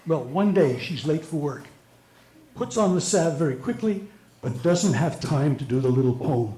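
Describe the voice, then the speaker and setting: Older guy doing stand-up, kinda high voice, acts out the lines, trips on a word here and there, echoey room. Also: lively intonation, moderate pace, mellow. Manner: storytelling, acts out characters, occasional stumbles. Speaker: stand-up comedian. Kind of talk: stand-up joke telling.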